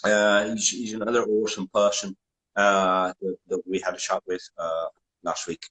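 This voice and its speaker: A man with an Italian accent hosting a casual online interview, speaking haltingly with many restarts. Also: low-pitched, level tone, a bit bright, rough recording. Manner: hesitant, many restarts, switches to translate. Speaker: interview host.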